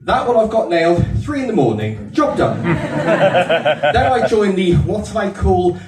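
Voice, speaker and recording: A man's voice: high voice, sing-song, measured pace, noisy background. A man with an Aldershot accent, getting over a cold, doing a chatty, self-mocking stand-up set and teasing the audience. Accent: Aldershot English. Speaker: stand-up comedian. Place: comedy venue with a live audience. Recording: echoey room, distant mic, audience laughter.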